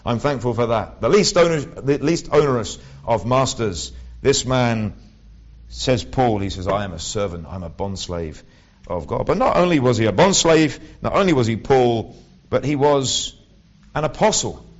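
A man's voice: mid-range voice, expressive, moderate pace. A man preaching a sermon in a conversational way, with wry asides and frequent restarts. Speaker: lay preacher. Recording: dull lo-fi recording.

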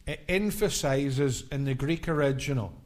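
A man's voice: medium pitch, normal speed. A middle-aged man preaching an evangelistic sermon, building his points through impassioned, repetitive cadences.

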